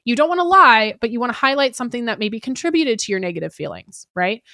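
A chatty woman hosts an advice podcast. She talks quickly, often uses "like" and "kinda", and keeps asking "right?". The sound is dry and close, with no room echo. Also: fairly high pitch, animated, bright, forceful tone. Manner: quick, chatty delivery with frequent "right?" tag questions; fillers like "like" and "kinda". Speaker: podcast host giving job-interview advice.

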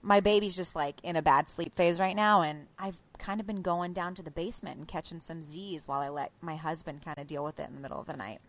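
A woman in her thirties telling a story as a podcast co-host, animated and swearing, acting out what she said. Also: low-pitched, fast, few pauses. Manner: animated, swearing, acts out quotes. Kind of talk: casual storytelling chat.

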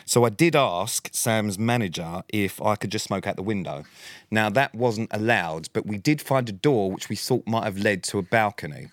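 Low-voiced man in dry casual chat. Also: expressive, normal speed, no echo. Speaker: podcast co-host.

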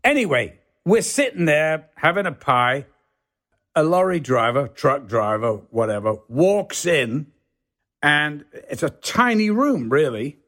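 A man, a podcast guest telling show-business anecdotes in a lively way and swearing freely. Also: on the high side, a little slow. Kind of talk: anecdotal storytelling.

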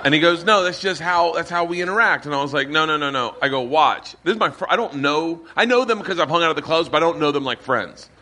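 A man hosting a live podcast, telling swearing, animated stories and acting out the voices of the people in them. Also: fairly high pitch, quick pace, hardly any pauses. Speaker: comedian podcast host. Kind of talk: storytelling to a live audience. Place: bar with live audience.

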